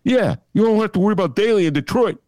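A man voicing a gruff, dismissive Chicago local man with a Chicago accent who scolds and talks down to people. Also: sits high, lively intonation, fast talker, a little mellow, no echo, clean studio sound, pitched above the performer's own voice. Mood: scolding. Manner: brash, scolding, pushy.

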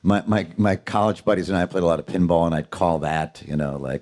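A man from Queens, an actor, chatting as a guest in a jokey, animated way and slipping into impressions. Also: deep voice, fairly quick, few pauses. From Queens, New York. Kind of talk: casual interview chat.

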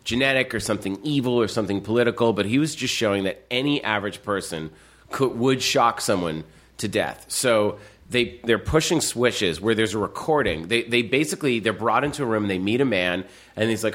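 A man's voice: fairly low pitch, brisk. A man chatting casually, telling a story animatedly and acting out the people in it. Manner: animated storytelling with acted-out quotes. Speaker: podcast guest. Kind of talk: casual chat.

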